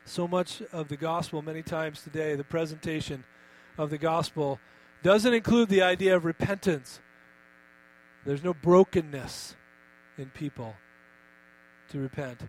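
A man's voice: on the high side, unhurried, pauses often, a little mellow, poor audio. Emphatic man preaching over mains hum. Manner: emphatic, asks the congregation questions. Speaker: pastor. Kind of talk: sermon.

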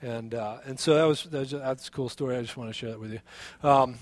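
A man preaching a sermon as pastor, telling a personal story in an animated way with many restarts and fillers. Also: medium pitch, quick pace.

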